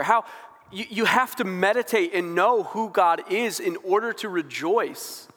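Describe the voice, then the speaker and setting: A young male preacher gives a sermon in a church with a long, ringing reverb. His voice sits a little high, and his delivery is loose and conversational, full of "like," and grows more fervent as he goes. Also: measured pace, a bit bright. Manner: conversational, frequent "like" fillers, rising fervor.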